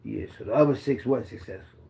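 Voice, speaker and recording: A man's voice: lowish voice, fast talker, vocal fry, warm tone. A man, a former running back telling boastful, profane football stories in a rambling casual monologue.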